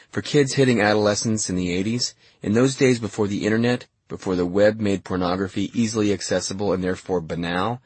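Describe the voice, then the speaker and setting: Husky low-voiced male audiobook narrator. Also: no echo. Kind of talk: scripted narration.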